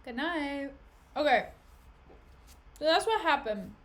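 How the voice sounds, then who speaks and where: Casual woman streamer, high voice, slangy recaps. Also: animated, slow, a bit bright. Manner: chatty, slangy, recaps with asides. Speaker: streamer reading a play.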